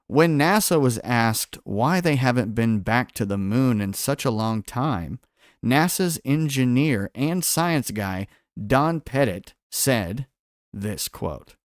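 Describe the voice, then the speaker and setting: A man's voice: mid-range voice, expressive, slow pace, no room sound, clean studio sound. A man hosting a quiz-style livestream, putting questions to his viewers and reading out their answers from the chat. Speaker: livestream host.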